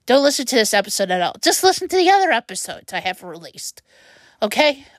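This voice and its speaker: A woman's voice: a little high, sing-song, fast talker. A woman hosting a personal podcast monologue, emotional and rambling, stumbling over her words while upset and close to tears. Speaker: podcast host.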